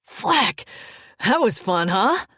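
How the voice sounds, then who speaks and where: A woman voicing a bold, reckless male alien warrior who shouts with exuberant energy. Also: very deep voice, normal speed, gravelly, husky, dry recording, studio quality, voice pushed down, full character voice. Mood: cheerful.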